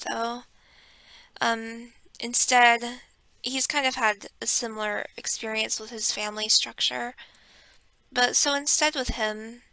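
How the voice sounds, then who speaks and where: A woman talking casually about her life in an airy, breathy voice, soft and halting, sometimes slipping into a whisper. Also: fairly high pitch, no room sound. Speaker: content creator. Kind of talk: casual personal talk.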